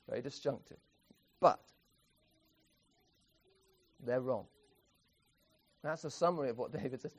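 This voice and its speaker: A man's voice: mid-range voice, a little mellow. A man preaching an expository sermon, emphatic, often restarting phrases and chuckling.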